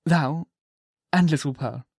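A man's voice: on the high side, slow, gravelly, darkish tone, breathy edge, no room sound, exaggerated voice. A man voicing an anguished, guilt-ridden male minister in a storybook reading, urgent and pleading, in a dry room. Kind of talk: audiobook dialogue.

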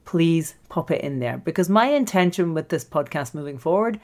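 This is a woman hosting her own podcast and coaching listeners on their creative work. She speaks in a slightly low voice and keeps it lively, laughing easily and slipping into the voices of the people she quotes. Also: moderate pace. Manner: animated, acts out quoted voices, laughs often. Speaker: podcast host and screenwriting coach. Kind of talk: solo podcast monologue.

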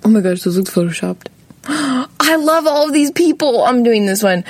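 A woman's voice: high voice, expressive, normal speed, no echo. A young woman guest in a casual chat, teasing her friend and laughing often. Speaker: podcast guest.

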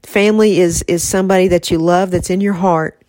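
A woman hosting a faith-based podcast, talking in a soft, reflective way with her mother. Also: on the low side, fairly even intonation, fairly quick, no echo. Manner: soft-spoken, reflective, emotional at times. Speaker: podcast host.

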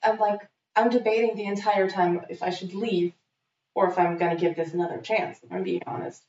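Lively woman storyteller, roomy distant sound. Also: medium pitch, fairly quick. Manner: lively storyteller acting out quotes. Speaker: guest telling a story. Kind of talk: casual chat. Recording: dull, roomy, off-mic sound.

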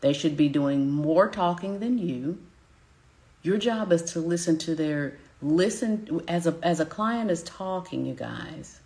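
Southern woman, business coach, low voice, emphatic live-teaching delivery. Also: expressive, unhurried, darkish tone. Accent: Southern American. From Southern United States. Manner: emphatic, addresses audience directly with repeated check-ins.

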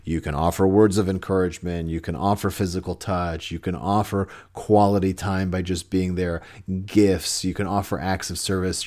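A man's voice: low voice, moderate pace, few pauses, a little mellow. A man hosting a podcast, giving relationship advice in an earnest, conversational way with frequent restarts. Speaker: podcast host.

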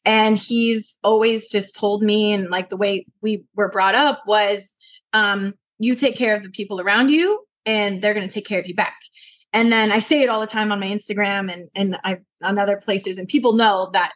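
A young adult woman from Colorado, a podcast guest, talking earnestly and telling animated stories with lots of fillers. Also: medium pitch, moderate pace. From Colorado, USA. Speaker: podcast guest, martial arts instructor. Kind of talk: casual interview talk.

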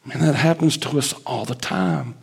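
A man preaching a sermon, emphatic, climbing high as he drives a point home and acting out the prophet's complaints. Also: moderate pace, gravelly, husky.

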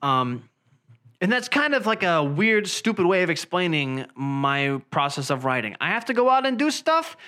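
A young man hosting a casual solo podcast, rambling and joking, often dropping low at the ends of phrases. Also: bright, forceful tone. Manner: rambling, jokey, trails off low. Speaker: podcast host.

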